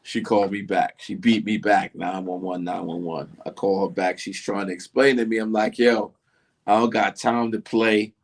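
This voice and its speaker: Animated New storyteller, middle-aged man. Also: fairly low pitch, moderate pace. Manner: animated, acts out voices in his story. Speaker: interview guest. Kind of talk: casual storytelling.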